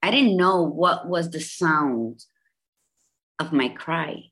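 A woman's voice: low-pitched, expressive, slow pace, a bit bright. A woman in her fifties, a guest in an interview, telling her own story with emphatic, repetitive storytelling. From Bridgeport, Connecticut, US. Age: 50s. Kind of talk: candid personal interview.

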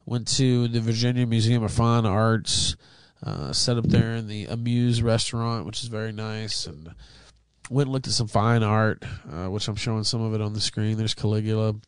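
Profane, animated young man telling stories. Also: on the low side, normal speed, clear, resonant tone, no echo. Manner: profane, petty, animated storytelling. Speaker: podcast host. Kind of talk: casual chat.

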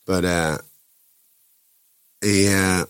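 A man's voice: deep voice, level tone, drawn-out words, a bit bright, clean tone, no room sound. An Irish man, a guest, telling a rambling story with lots of restarts and acted-out quotes. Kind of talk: casual anecdotal storytelling.

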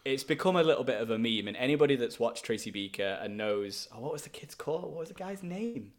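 A man co-hosting a casual film review podcast, chatty and quick to laugh, with frequent asides. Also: medium pitch, lively intonation. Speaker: podcast co-host.

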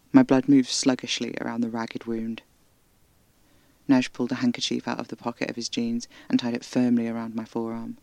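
A man narrates a horror audio drama in the first person, with a gravelly, creaky voice at a middle pitch. His delivery is hushed and intimate, often dropping to breathy whispers, and the sound is dry and close. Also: dry recording.

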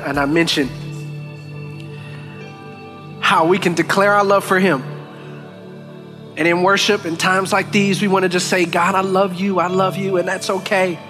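A man leading worship, giving an earnest, emotional sermon in a church, with halting restarts. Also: high voice, fairly even intonation, music in the background. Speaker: worship leader. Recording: long church hall reverb.

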